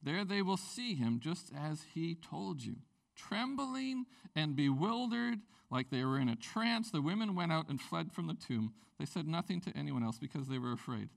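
A middle-aged man from Canada preaches a sermon, his voice sitting a little high and swinging widely in pitch. He tells stories with gusto, jumping into the voices of the people he quotes. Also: normal speed, vocal fry. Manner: animated storytelling, acts out quoted voices with big pitch jumps. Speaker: pastor.

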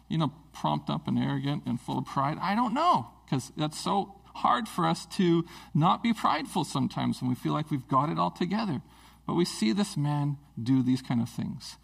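Man, preacher, conversational sermon, rhetorical questions, gravelly, fairly high pitch.

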